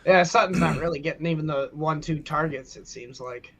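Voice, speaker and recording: A man's voice: a little high, a little fast, a bit bright. A man co-hosting a podcast, chatting casually and joking, often laughing. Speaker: podcast co-host. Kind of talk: casual sports chat.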